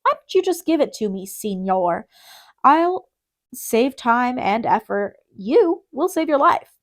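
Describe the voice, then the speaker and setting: A woman's voice: on the high side, sing-song, slow, full character voice. A woman voicing a sulky, mocking male drug courier with a British accent, in an audiobook reading. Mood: menacing.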